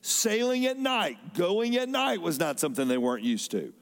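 A man preaching a sermon as a pastor, with dynamic delivery that swings between loud emphasis and soft drops. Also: high-pitched, sing-song, moderate pace. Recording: long hall reverb.

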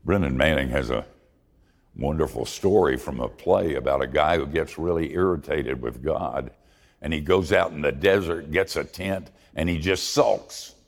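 A deep, gravelly man preaches slowly, his pitch swinging widely as he leans into funny, confessional stories. A long hall reverb lingers behind his words. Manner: folksy, humorous and confessional. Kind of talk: sermon with storytelling.

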